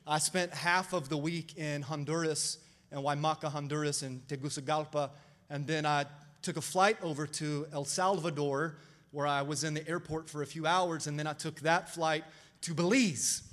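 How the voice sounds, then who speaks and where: A man preaching a lively sermon as pastor, calling out to the congregation for responses. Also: a little high, normal speed. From Florida. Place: church sanctuary.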